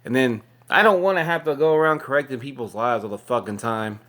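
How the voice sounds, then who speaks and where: A man's voice: mid-range voice, brisk, fairly bright tone. A man, hosting his own show and ranting angrily, swearing heavily as he talks. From Texas. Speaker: podcast host. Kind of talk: angry ranting monologue.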